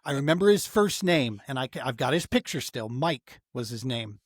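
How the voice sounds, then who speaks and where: A man's voice: medium pitch, sing-song, normal speed, no room sound, studio quality. A middle-aged man telling a heartfelt story as a podcast guest, earnest and emotional, often saying "man" and restarting his sentences. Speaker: podcast guest, outdoor therapy founder. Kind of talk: casual storytelling in a podcast interview.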